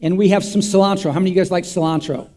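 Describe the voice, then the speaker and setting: High-voiced pastor quizzing his church. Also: steady tone, rapid-fire, a little mellow. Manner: call-and-response, quizzing the congregation; folksy, repetitive, with props. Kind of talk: interactive sermon.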